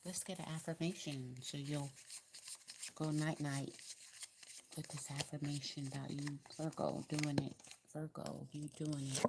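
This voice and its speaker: Low-voiced Southern woman reading tarot. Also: flat delivery, measured pace, noisy background. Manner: chatty, repetitive, encouraging, with colloquial grammar. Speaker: tarot reader. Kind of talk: casual tarot card reading.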